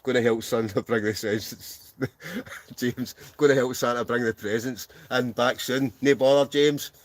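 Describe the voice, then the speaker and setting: Scottish host, mid-pitched, playful live-stream banter from a tent. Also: male voice, steady tone, normal speed, no echo. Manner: jokey, laughs often, reads names aloud. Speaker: wild camping channel host. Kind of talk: casual live-stream chat reading out comments. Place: inside a heated camping tent.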